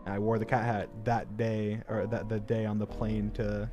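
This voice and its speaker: A man's voice: fairly low pitch, little pitch movement, moderate pace, over music. A young man telling a long story on his livestream in a rambling, filler-heavy way that pokes fun at himself. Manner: rambling, filler-heavy, self-mocking, breaks into laughter. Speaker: streamer.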